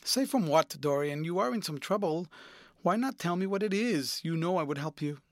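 A man voicing a cynical, witty gentleman lord in an audiobook reading, with an amused, epigrammatic manner. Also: on the high side, lively intonation, moderate pace, dry recording, studio quality.

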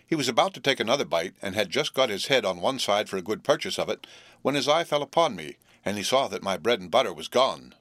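Low-voiced male audiobook narrator. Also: animated, quick pace, fairly bright tone, dry recording, studio quality. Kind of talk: scripted narration of a classic novel.

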